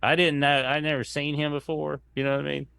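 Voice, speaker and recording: A comedian telling a long rambling anecdote in casual chat, acting out what people said. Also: male voice, on the high side, level tone, fast talker, creaky, sharp tone, clean tone, no echo. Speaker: comedian guest.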